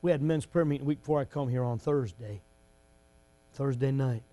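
A man's voice: medium pitch, brisk. A man preaching a fervent, folksy revival sermon in a church. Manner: fervent, folksy, rising to shouts.

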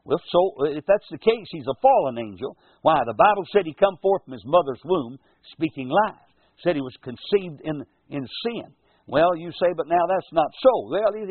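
An older man preaching a folksy radio sermon as pastor and host, slowing down to quote scripture. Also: on the high side, no room sound. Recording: tinny, husky lo-fi radio broadcast.

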